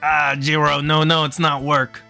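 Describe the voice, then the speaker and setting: A man voicing a brash middle-aged male company president in a visual novel, with fast New York-style patter. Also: on the high side, flat delivery, creaky, pushed and bright, faint music behind, pitched above the performer's own voice, heavily acted. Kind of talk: reading a visual novel aloud.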